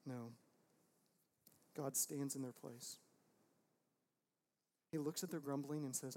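A man in his thirties preaching a sermon in a church, dropping to quiet, intimate tones and then breaking into loud, emphatic outbursts. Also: mid-range voice, steady tone, slow, long pauses. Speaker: pastor.

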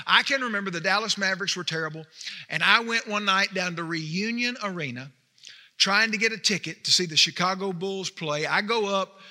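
A man preaching a sermon as a pastor, telling stories in an animated way that builds to emphatic peaks. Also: sits high, in a large hall.

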